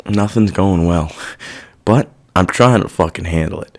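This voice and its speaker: This deep-voiced man speaks at a moderate pace as he hosts a casual solo podcast. He vents in an irritated, profane rant that rambles and keeps losing its thread.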